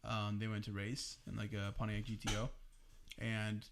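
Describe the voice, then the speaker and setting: A young man co-hosting a podcast, telling a story casually among friends in an animated way, swearing freely and laughing as he goes. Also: lowish voice, normal speed, creaky, background noise. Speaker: podcast co-host.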